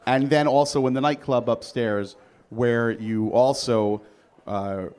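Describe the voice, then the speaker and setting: A man's voice: medium pitch, steady tone, slow, darkish tone, smooth. A man hosting a live podcast taping, talking in a rambling, playfully teasing way. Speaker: host.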